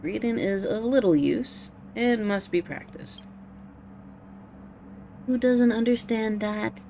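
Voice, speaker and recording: A woman's voice: fairly high pitch, slow pace, vocal fry, dark tone, a little hiss or hum. A woman voicing a blunt, prickly young woman researcher who talks curtly and defensively, reading game dialogue aloud. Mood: flustered. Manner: curt and defensive.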